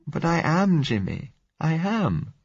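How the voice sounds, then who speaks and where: Male reader doing a scared young woman, high and pleading, in a dull lo-fi audiobook recording. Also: animated, moderate pace, husky, no room sound. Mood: frightened. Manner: pleading, fearful. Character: frightened blind young woman, clinging.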